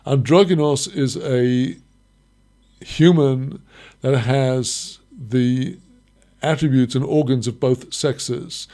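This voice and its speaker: A man teaching a recorded Mishnah lesson, reading short Hebrew phrases and explaining each one slowly in English. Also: mid-range voice, warm tone. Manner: explains slowly, quotes Hebrew then translates. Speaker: Torah teacher.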